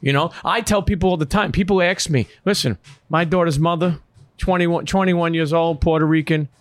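A man's voice: a little high, moderate pace. Earnest male podcast host. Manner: earnest, keeps saying "listen". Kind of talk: casual podcast interview.

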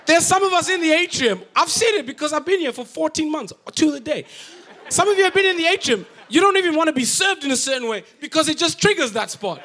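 A young man from Africa preaching in a church, playful and animated as he acts out people's reactions. His voice sits very high for a man and has a bright, forceful edge. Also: quick pace. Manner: lively, jokey, acts out reactions with sound effects. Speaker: pastor. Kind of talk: sermon. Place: church auditorium.

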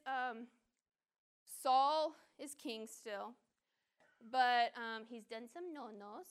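A woman preaching an informal sermon in a light, high voice. She reads scripture, then jumps into playful acted-out lines and self-deprecating laughs, keeping it conversational. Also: smooth. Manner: lively, laughs at herself, acts out scenes in quick voices. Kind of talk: casual sermon with scripture reading.

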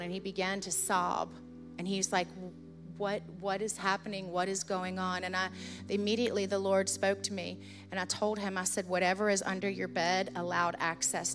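A middle-aged woman pastor telling a story in a sermon, earnest and urgent, turning quiet and intense as she leads a prayer. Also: medium pitch.

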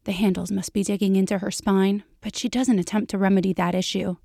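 A woman reading a fan fiction story aloud in a steady storytelling manner. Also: mid-range voice, fairly quick, vocal fry, dry recording, clean studio sound. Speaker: reader.

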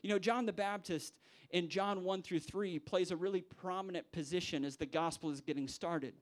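Animated young pastor preaching. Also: male voice, normal speed. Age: young adult. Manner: animated, acts out quoted voices with big pitch jumps. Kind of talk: sermon to church leaders.

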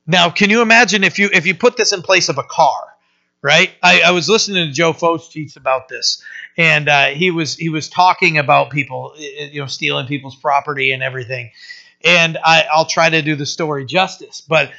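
A man gives an informal Bible teaching, talking it through plainly and often tossing in "right?". His voice sits a little high and sounds bright and forceful. The recording is dull and lo-fi. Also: a little fast, gravelly. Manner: conversational, often asking "right?". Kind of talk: casual verse-by-verse Bible teaching.

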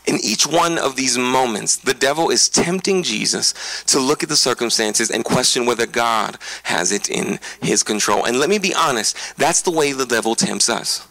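Male pastor, conversational sermon: earnest, emphatic, bright and dry. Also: mid-range voice, expressive, creaky, no echo, low-quality recording. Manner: earnest, emphatic, addresses listeners directly; quick preaching with frequent restarts.

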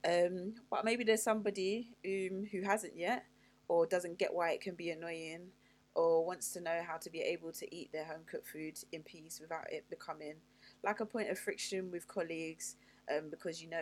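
A woman's voice: deep voice, darkish tone. A woman hosting a podcast chat, talking loosely with lots of fillers and asides. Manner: conversational, full of fillers and asides. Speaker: podcast host. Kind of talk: casual chat.

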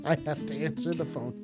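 A man hosting a casual call-in stream, rambling and joking with lots of swearing. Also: a little high. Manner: profane, rambling, jokey. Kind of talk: casual crude call-in show.

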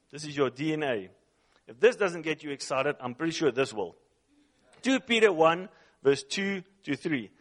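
A man's voice: mid-range voice, a bit bright. A man preaching a sermon who reads scripture aloud and speaks English as a second language, emphatic, repeating phrases and putting questions to his listeners. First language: not English.

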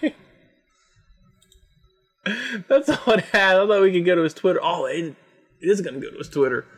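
A man's voice: sits high, lively intonation, moderate pace, husky. A man co-hosting a podcast, chatting casually and reacting with laughs and disbelief to posts online. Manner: laughing, incredulous, swears freely. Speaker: podcast co-host.

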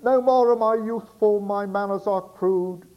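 A man shouting in a blustering voice as a rough, boastful old sailor in a comic poem he reads aloud. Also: sits high, fairly even intonation, a little slow, muffled recording, pitched above the performer's own voice.

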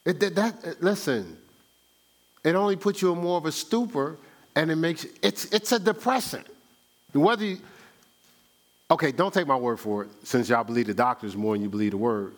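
A man preaching a sermon, firing rhetorical questions at the congregation and reading scripture aloud. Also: fairly high pitch. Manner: animated preaching with rhetorical questions and call-and-response; reads scripture aloud in a slow cadence. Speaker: pastor.

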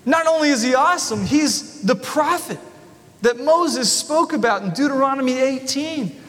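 A man voicing an excited crowd of hungry common folk, with eager, half-shouted lines. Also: high-pitched, a little slow. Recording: long reverb of a large hall.

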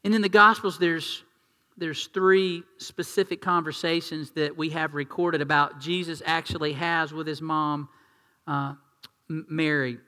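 Bright-voiced male pastor in a reverberant hall. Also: on the high side, level tone, measured pace. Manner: conversational, asks the congregation questions, acts out quotes. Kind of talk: sermon. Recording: long reverb of a large hall.

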